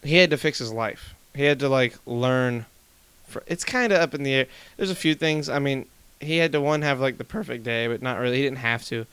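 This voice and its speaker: A man's voice: mid-range voice, a little fast, clear, resonant tone, no echo. A young man hosting a podcast, chatting casually and rambling with lots of swearing. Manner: rambling, animated, swears a lot. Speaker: podcast host. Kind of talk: casual chat.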